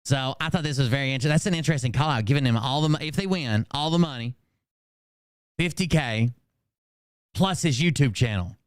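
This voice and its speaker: A man talking through clips on a live stream, sarcastic and rambling, with frequent uh and um. His voice is smooth and resonant, recorded close and dry with no room sound. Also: mid-range voice, fast talker, no room sound. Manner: reads quotes aloud, sarcastic asides, frequent fillers. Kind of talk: casual commentary.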